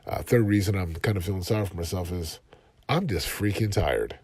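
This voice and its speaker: Earnest husky man preaching motivation. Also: deep voice, brisk, dry recording. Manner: earnest, builds to loud passionate emphasis. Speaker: podcast host and life coach. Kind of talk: motivational podcast monologue. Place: sitting in his car.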